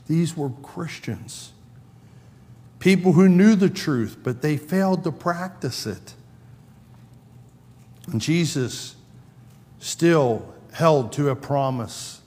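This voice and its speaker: A man's voice: on the high side, expressive, slow, pauses often, a little mellow, big-room sound. A man preaching a sermon in a conversational way, acting out quoted lines with a raised voice. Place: church sanctuary.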